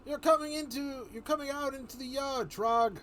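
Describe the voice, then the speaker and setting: A man voicing an excitable henchman pilot in a read-aloud comic story, shouting eagerly. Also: extremely high pitch, normal speed, slight background noise, voice pushed up. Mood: excited.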